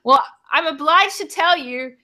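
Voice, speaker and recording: Lady doing a snippy young redhead guy, bright tone, sneery and officious. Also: sits high, measured pace, pitched above the performer's own voice. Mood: hostile. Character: hostile young red-haired male cousin.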